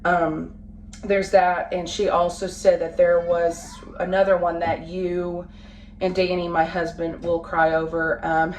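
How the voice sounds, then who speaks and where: A woman in her late twenties, a family vlogger talking casually to the camera at home, halting and full of fillers and restarts. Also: fairly low pitch, flat delivery, a little mellow. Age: late 20s. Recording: roomy, from a distance, faint background noise.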